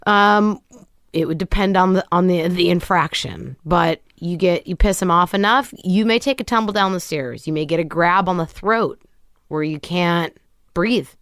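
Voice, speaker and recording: A middle-aged woman talking as a podcast guest, candid and wry, deadpan even about hard subjects. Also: fairly low pitch, moderate pace, no echo, clean studio sound. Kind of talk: casual conversation.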